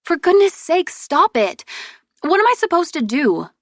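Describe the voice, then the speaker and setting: A woman reader voicing a proud, exasperated young princess heir in an audiobook, with sharp, indignant retorts. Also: medium pitch, lively intonation, normal speed, dry recording, studio quality, lightly acted.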